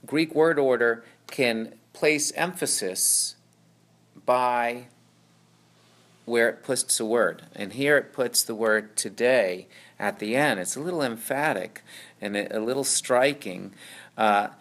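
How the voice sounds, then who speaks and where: A man's voice: mid-range voice, slow, a bit bright. A man teaching about a Bible passage, explaining at length and often checking in with "right?" and "okay?". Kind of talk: teaching talk on scripture.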